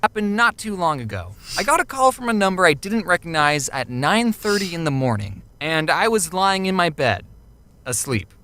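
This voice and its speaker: A young man narrating a scripted comic story with a wry, deadpan delivery. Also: on the high side, normal speed. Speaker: animated storyteller.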